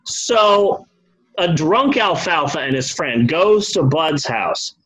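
A man's voice: a little high, animated, measured pace, a bit bright, slightly rough, low-quality recording. A man casually telling a comic history story, loose and profane, slipping into the voices of the people in it.

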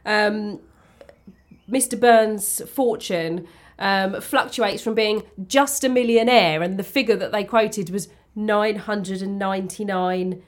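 A woman's voice: medium pitch, slow pace. Chatty woman. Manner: chatty, many ums and restarts, blunt swearing. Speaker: podcast co-host. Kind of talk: casual chat.

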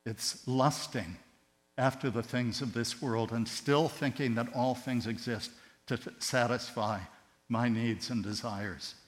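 Man preaching a fired-up sermon, gets loud then goes soft, long echo off the hall, low mains hum. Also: fairly even intonation, a little slow. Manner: impassioned, swinging between loud emphatic rises and hushed tender drops.

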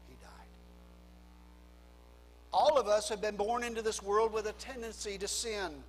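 A man preaching a sermon as a pastor, swinging between hushed low phrases and loud emphatic lines. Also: long reverb tail, low-quality recording. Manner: preaching with dramatic drops to a hush and rising emphasis.

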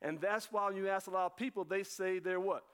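A high-pitched man preaches to his congregation. He rushes with excitement, then slows right down to drive each point home. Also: smooth. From North Carolina. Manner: fast-talking, excitable preaching with sudden slow emphasis. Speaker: pastor. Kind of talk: sermon.

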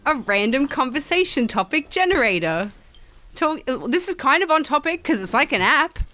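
A woman's voice: sits high, big pitch swings, moderate pace, sharp tone. A woman co-hosting a podcast in casual chat, laughing often and speaking bluntly with swearing. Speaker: podcast co-host.

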